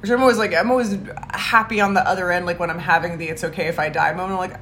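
A woman's voice: on the low side, fairly even intonation, very fast, fairly bright tone, slight background noise. A woman co-hosting a casual podcast, talking in rambling, restarting sentences and laughing often. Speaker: podcast co-host. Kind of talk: casual chat.

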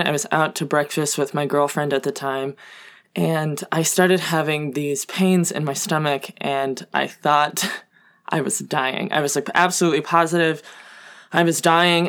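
A young woman telling comic personal stories in a casual, self-deprecating way, full of fillers. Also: low voice. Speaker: guest storyteller.

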